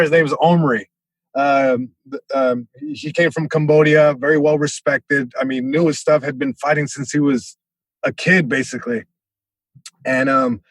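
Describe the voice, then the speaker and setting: A comedian from Southern California appears as a guest on a podcast, telling a story animatedly with many restarts. His voice is on the high side, with no room sound but poor audio quality.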